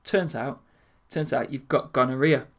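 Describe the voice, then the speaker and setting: A man's voice: mid-range voice, moderate pace. Laughing young man. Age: young adult. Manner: storytelling, laughing, lively. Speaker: podcast co-host. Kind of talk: casual chat.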